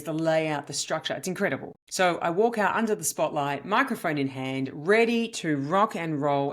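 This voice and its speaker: A woman with a slightly low voice tells a story as a podcast host. Her delivery is animated and emphatic, with sudden leaps up in pitch on the words she wants to land. She speaks as a comedian recounting her own experience. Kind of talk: storytelling monologue.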